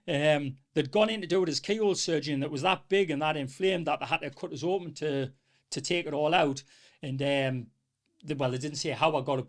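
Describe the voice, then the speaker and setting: A middle-aged man with a North East English accent, telling his story in a rambling, animated way as a podcast guest. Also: a little high. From North East England. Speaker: small business owner, podcast guest. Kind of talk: casual storytelling interview.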